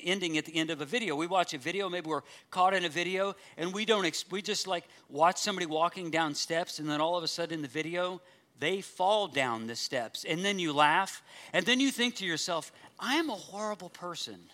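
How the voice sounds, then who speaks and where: A man's voice: high voice, a little fast, bright, forceful tone. A man preaching a sermon in a joking, conversational way, acting out the audience's reactions. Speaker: pastor.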